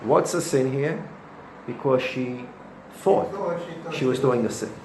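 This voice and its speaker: A rabbi gives a weekly Torah lesson, telling the stories with animation and sprinkling in Hebrew and Yiddish terms. His voice is medium-pitched, slow and darkish, recorded in an echoey room with faint noise.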